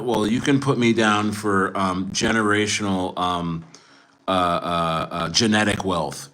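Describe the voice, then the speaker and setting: A man's voice: fairly low pitch, a bit bright. A man in his forties hosting a livestream, chatting boastfully with viewers in a rambling way full of restarts. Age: 40s.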